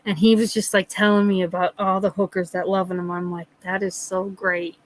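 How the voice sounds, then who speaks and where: A woman's voice: medium pitch, level tone, a little fast, dry recording, low-quality recording. Chatty woman host, dry close sound. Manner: rambling storyteller, acts out quotes, frequent laughs. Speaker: live stream host. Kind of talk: casual chat with live chat viewers.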